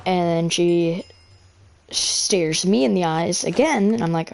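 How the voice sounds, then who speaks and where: A teenage girl with a slightly low voice rambles through a school story between moves in a game. She stumbles over words and restarts constantly, filling gaps with "uh" and "like". It sounds like a casual, unscripted storytime. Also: fairly even intonation, a little slow, darkish tone. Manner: rambling, filler-heavy, self-correcting. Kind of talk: casual storytelling while gaming.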